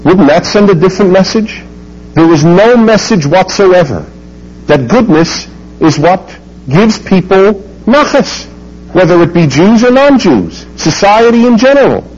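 A man's voice: sing-song, measured pace, darkish tone, highs cut off. Emphatic man lecturing a room. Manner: emphatic, rhetorical questions, sweeping pitch. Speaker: speaker lecturing an audience. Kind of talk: speech to a live audience.

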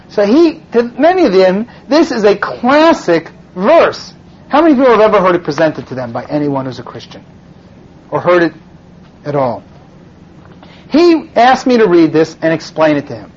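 A man teaching as a rabbi, telling a story and pressing his audience with questions. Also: sits high. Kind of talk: teaching lecture with rhetorical questions. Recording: dull lo-fi recording.

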